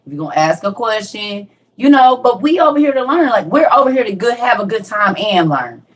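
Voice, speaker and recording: A woman's voice: medium pitch, big pitch swings, brisk. An older woman hosting an online class in a casual live-stream chat, laughing often and talking straight to her audience.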